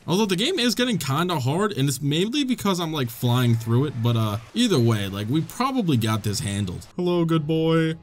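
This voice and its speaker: Excitable young man gaming commentary. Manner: excitable, swears, laughs, voice jumps high when tense. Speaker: gaming YouTuber. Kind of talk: let's play commentary.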